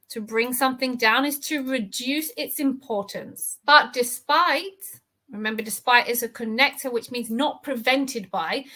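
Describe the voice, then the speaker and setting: A woman's voice: on the high side, sharp tone. A woman teaching an English reading lesson, reading an article aloud and then patiently explaining its words and grammar.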